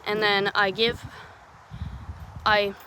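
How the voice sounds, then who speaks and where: A young woman hosting her own podcast, telling a story casually, rambling and swearing, with many restarts, swinging between loud and hushed. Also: mid-range voice, extremely slow, a little hiss or hum. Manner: lively, jumping from loud to hushed. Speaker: podcast host.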